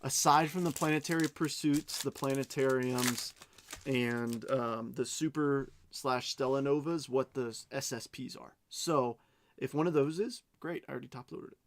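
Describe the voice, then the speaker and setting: A man's voice: medium pitch, steady tone. Chatty man opening cards live. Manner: chatty and unhurried, reading out names as he goes; playful self-mocking asides. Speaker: card break host. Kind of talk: casual live card-opening commentary.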